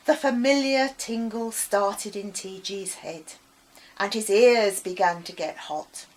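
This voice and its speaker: A woman author reading her children's adventure story aloud with expressive, dramatic storytelling. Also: mid-range voice, slow pace, poor audio.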